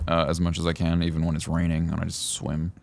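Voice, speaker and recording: A man's voice: low voice, completely flat delivery, fast talker, vocal fry, dry recording. A man, a guest actor chatting casually in an easygoing, rambling way. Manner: easygoing, rambling with many fillers. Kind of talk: casual chat.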